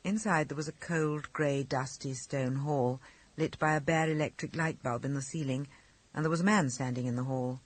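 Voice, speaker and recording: A man narrating an audiobook of short stories with a lively, expressive reading. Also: medium pitch, normal speed. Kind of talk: scripted narration.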